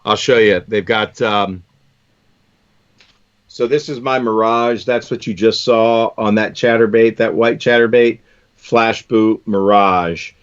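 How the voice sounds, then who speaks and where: A man's voice: on the low side, steady tone, slow pace, smooth. Chatty guy tying fishing lures on a live stream, keeps saying man, kinda dull lo-fi audio. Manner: chatty, enthusiastic, says "man" often. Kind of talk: casual live-stream chat.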